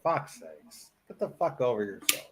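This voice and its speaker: A man chatting as a guest on a casual livestream, swearing freely and bursting out loudly. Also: mid-range voice, sing-song, normal speed, background noise. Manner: loud, profane outbursts.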